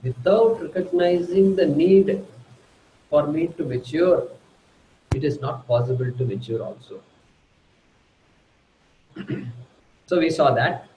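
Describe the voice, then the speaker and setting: Slow-speaking teacher, echoey. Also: male voice, on the high side, highs cut off, a little hiss or hum. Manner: slow, deliberate, teaches through quoted examples. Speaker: Vedanta teacher. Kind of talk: spiritual lecture.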